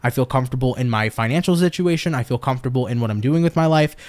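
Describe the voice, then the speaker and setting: Casual young man, home-office tarot reader, relaxed and profane, mid-pitched. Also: fast talker. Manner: laid-back, swears often, laughs a lot.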